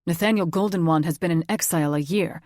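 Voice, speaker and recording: A man's voice: fairly high pitch, fast, a little mellow, no room sound, clean studio sound, close to an everyday voice. A woman voicing an indignant teenage dragon-shifter boy in a fantasy audiobook. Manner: rising, indignant.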